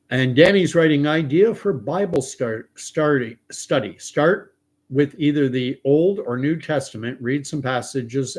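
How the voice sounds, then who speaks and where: Chatty man hosting a live stream. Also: medium pitch. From Canada. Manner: chatty, reads viewer comments aloud, thinks out loud. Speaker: livestream host. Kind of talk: casual live-stream commentary.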